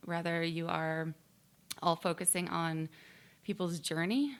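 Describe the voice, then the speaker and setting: A woman's voice: fairly low pitch, steady tone, a little slow, clean tone. A woman, a fitness trainer, speaking as a podcast guest, earnest and a little rambling. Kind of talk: casual podcast chat. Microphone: studio microphone.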